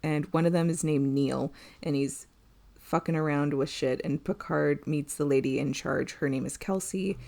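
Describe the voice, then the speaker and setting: A woman's voice: low voice, normal speed, creaky, mellow. A woman co-hosting a podcast, recapping an episode in casual chat, rambling with lots of fillers and laughs.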